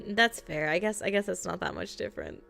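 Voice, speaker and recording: An American woman streamer reading a visual novel aloud and chatting in an animated, jokey way, often laughing. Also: lowish voice, brisk, vocal fry, soft background music.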